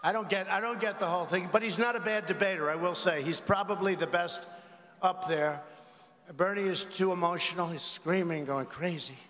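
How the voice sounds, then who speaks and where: A man with a fairly high voice holds forth at a podium, drifting from point to point and mocking his opponents with asides to the crowd. His voice rings through a large arena, with a long reverb tail and a faint hum of ambience underneath. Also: moderate pace, a bit bright. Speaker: political rally speaker. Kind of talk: campaign rally speech. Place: large indoor arena rally.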